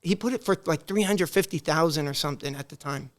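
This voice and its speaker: High-voiced storytelling man. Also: quick pace. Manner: animated, acts out family dialogue. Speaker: podcast guest. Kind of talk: casual storytelling.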